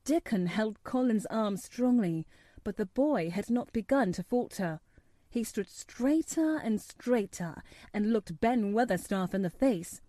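A woman narrating a storybook in a measured, steady reading voice. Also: fairly high pitch, no echo. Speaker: audiobook narrator.

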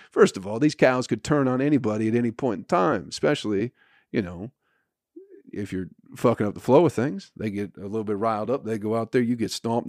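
A man's voice: medium pitch, darkish tone, no room sound, clean studio sound. A man hosting a podcast, telling a profane comic story with frequent laughs and swearing. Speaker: podcast host. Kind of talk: profane comedic rant.

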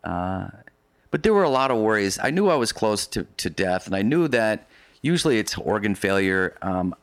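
A man's voice: fairly low pitch, big pitch swings, moderate pace, no echo. A man being interviewed, telling a long story in casual conversation. He rambles, restarts his sentences often and adds vivid asides. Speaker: interview guest recounting a polar expedition.

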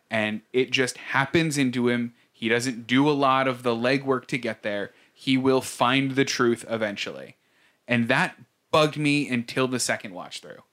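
A man's voice: medium pitch, normal speed, a bit bright. Man in casual podcast discussion. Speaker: podcast co-host. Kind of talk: casual chat.

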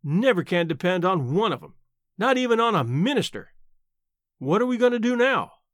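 A man reading the part of a blunt, plainspoken elderly aunt who talks in a sharp, matter-of-fact and grumbling way. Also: high-pitched, big pitch swings, moderate pace, no room sound, studio quality. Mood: bitter, bossy.

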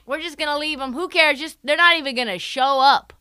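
A woman's voice: high voice, brisk, pushed and bright, no room sound, studio quality. A woman ranting through sports commentary with a sarcastic, profane edge, acting out the people she quotes. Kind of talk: animated sports commentary rant.

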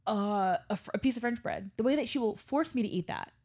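A young woman from South Louisiana, co-hosting a podcast in casual chat, telling animated stories and swearing freely. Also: medium pitch, quick pace, slightly rough. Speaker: podcast co-host.

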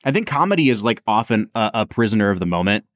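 A man co-hosting a podcast chats casually about films, talking fast in a lowish voice with big pitch swings and lots of fillers. The studio recording is dry and clean.

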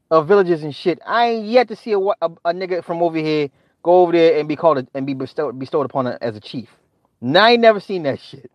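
A middle-aged man with a rather high-pitched voice holds forth in a profane livestream rant, exasperated and laughing between outbursts. His voice sits close and dry on the mic, with no room sound. The sound is a bit dull, like a modest lo-fi setup. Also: no room sound. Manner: animated, exasperated, laughs often. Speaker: livestream host. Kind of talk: profane ranting commentary.

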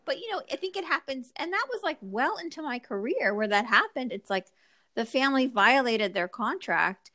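A woman wedding photographer telling a story in a casual podcast chat, animated and acting out the people she quotes. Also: high voice, normal speed.

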